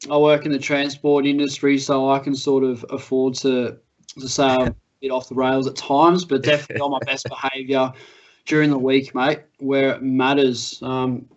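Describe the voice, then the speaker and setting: A man's voice: mid-range voice, flat delivery, moderate pace. A young Australian man co-hosting a podcast, chatting casually and laughing his way through stories. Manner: laid-back storytelling, laughs through tales. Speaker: podcast co-host. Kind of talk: casual chat. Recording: muffled lo-fi audio.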